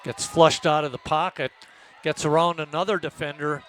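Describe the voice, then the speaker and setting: A man doing play-by-play for a high school football game, relaxed and folksy with many fillers. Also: moderate pace, a little hiss or hum. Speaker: play-by-play announcer.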